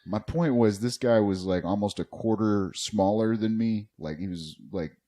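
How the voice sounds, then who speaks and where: A man's voice: lowish voice, moderate pace, mellow. A man hosting a podcast, telling a long story in a rambling, profane, casual way. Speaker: podcast host.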